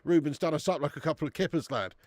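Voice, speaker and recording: A man with a British English accent hosts a live beer review stream from a warm room at home. He chats casually, banters with viewers and swears freely. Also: fairly high pitch, animated, fast talker, dry recording.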